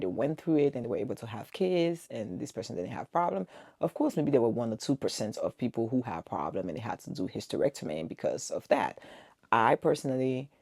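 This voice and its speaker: A woman's voice: extremely low pitch, vocal fry, warm tone, breathy edge, no echo, studio quality. A woman in her forties telling an earnest, emotional personal story to camera, with quoted dialogue. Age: 40s. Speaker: vlogger.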